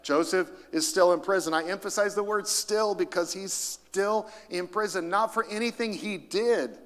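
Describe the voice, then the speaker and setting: A middle-aged man preaching a sermon in a church, lively and emphatic, calling out to the congregation for responses. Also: high-pitched, normal speed. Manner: lively, rising to emphasis, calls for audience responses. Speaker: pastor. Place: church auditorium. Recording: long hall reverb.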